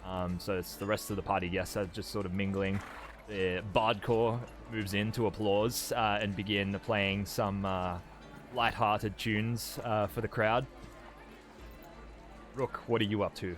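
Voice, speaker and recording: A man's voice: fairly low pitch, little pitch movement, measured pace, soft background music. A man narrating as game master of a tabletop game, describing scenes in a rambling way with many ums and restarts.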